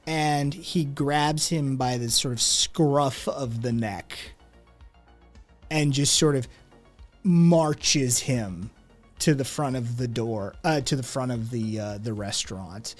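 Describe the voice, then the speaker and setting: A man narrating a tabletop game as game master, describing scenes in an unhurried, descriptive way with fillers. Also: mid-range voice, soft background music.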